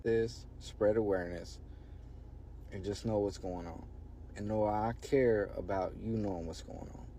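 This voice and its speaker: A man's voice: fairly low pitch, steady tone, moderate pace, dark tone, a little hiss or hum. A man speaking earnestly straight to his viewers, urging them to stay aware. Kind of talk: earnest direct-to-camera message.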